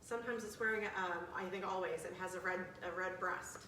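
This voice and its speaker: A woman's voice: fairly low pitch, bright, forceful tone, slight background noise. Chatty woman hosting a quiz, echoey room. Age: 40s. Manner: friendly, chatty, reads questions slowly. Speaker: activity leader. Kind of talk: bird trivia quiz for seniors. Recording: echoey room, from a distant mic.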